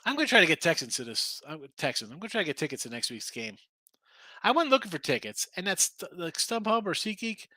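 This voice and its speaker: A man's voice: high voice, big pitch swings, quick pace, sharp tone, no echo. A man hosting a sports betting stream, chatting casually with viewers and going off on rants. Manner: loose, ranting, talks straight to the chat. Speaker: sports betting show host. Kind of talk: casual live-stream chat reading viewer comments.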